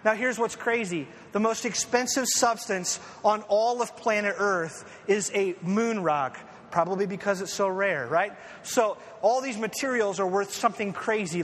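A man preaching a conversational sermon, an animated, self-deprecating storyteller who leans on fillers and asides. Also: high-pitched, normal speed. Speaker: pastor. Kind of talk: conversational sermon with personal stories. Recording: echoey hall with faint ambient noise.

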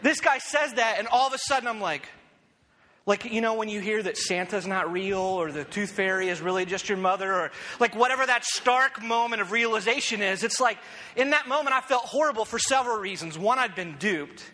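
A man telling a personal story as he opens a sermon, animated and self-deprecating, often checking in with "right?". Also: high-pitched, brisk, big-room sound.

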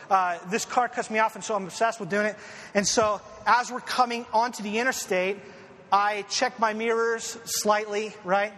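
A man preaching a conversational sermon, an animated, self-deprecating storyteller who leans on fillers and asides. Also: high-pitched. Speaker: pastor. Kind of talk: conversational sermon with personal stories. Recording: echoey hall with faint ambient noise.

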